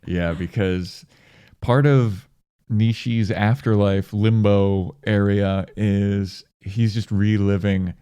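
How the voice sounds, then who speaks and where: A man's voice: fairly low pitch, fairly even intonation, takes it slowly, mellow, clean tone, dry recording. A man co-hosting a podcast, retelling a film scene in casual, profane chat. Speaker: podcast co-host.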